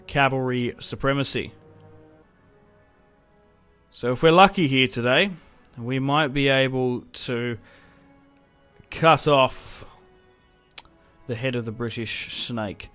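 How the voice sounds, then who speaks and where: A man's voice: medium pitch, clear, resonant tone. Chatty young man commentating a game. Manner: chatty, reacts loudly to setbacks, self-mocking laughs. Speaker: gaming YouTuber. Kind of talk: casual gameplay commentary.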